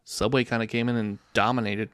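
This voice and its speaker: A man's voice: medium pitch, flat delivery, brisk, background noise. A man co-hosting a podcast in casual banter, crude and laughing often. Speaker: podcast co-host.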